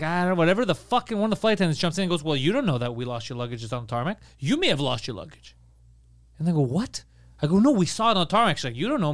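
A man, a podcast co-host, telling a story in casual comedic chat, fast and profane as he rants. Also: fairly high pitch, no echo, studio quality.

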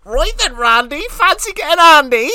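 A man's voice: very high voice, very animated, moderate pace, bright, forceful tone, dry recording, studio quality, pitched above the performer's own voice, exaggerated voice. A man putting on a bawdy old West Country woman. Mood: flirtatious. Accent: West Country English, put on. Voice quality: drawling, teasing, crude. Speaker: podcast co-host.

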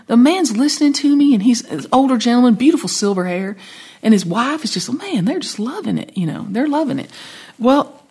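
A woman's voice: a little high, brisk, husky. A woman songwriter with a Southern accent, telling a long anecdote in an interview and acting out the voices of the people in it. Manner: animated storyteller, acts out quoted voices. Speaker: songwriter guest. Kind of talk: storytelling interview.

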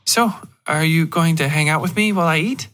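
A man's voice: on the high side, a little fast, fairly bright tone, voice pushed up, lightly acted. A man voicing an eager young woman writer, upbeat and a little apologetic, in a storytelling podcast.

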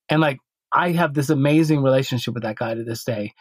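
A man's voice: medium pitch, fairly even intonation, fast talker, no echo. A man co-hosting a podcast, telling a long story in a casual, rambling way with many restarts and fillers. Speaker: podcast co-host.

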